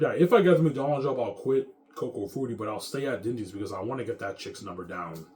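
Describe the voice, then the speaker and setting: A man's voice: medium pitch, lively intonation, fast talker, warm tone. A man in his thirties ranting casually to camera, rambling and profane. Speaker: vlogger.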